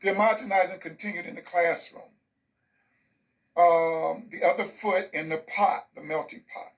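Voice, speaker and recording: A man's voice: sits high, steady tone, moderate pace, a bit bright, recorded from a distance, highs cut off. A man in his sixties, an author telling stories in an interview, emphatic and fond of rhythmic lists. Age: 60s. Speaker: author and guest. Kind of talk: interview storytelling.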